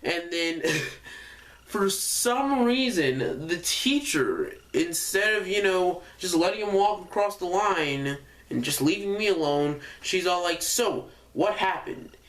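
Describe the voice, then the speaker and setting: A man's voice: high-pitched, expressive, takes it slowly, fairly bright tone. A young man telling a casual storytime, rambling and correcting himself often with lots of fillers. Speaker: vlogger.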